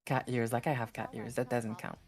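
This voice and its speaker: A woman's voice: very deep voice, level tone, fairly quick, creaky, darkish tone. A woman with a French accent co-commentating a tournament in casual, teasing chat, often hesitating mid-sentence. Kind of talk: casual live-stream chat.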